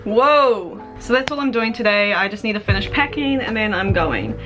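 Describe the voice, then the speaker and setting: A woman's voice: mid-range voice, big pitch swings, normal speed, a bit bright, soft background music. A woman of about twenty chatting casually to her camera in a vlog, rambling and self-deprecating. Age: 20s. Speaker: vlogger.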